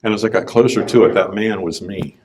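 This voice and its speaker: Brief: deep-voiced businessman, storytelling testimony at a conference, folksy and conversational. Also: brisk, darkish tone, slight background noise. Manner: conversational storytelling, clears throat often. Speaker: business owner speaking at a conference. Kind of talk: personal testimony talk.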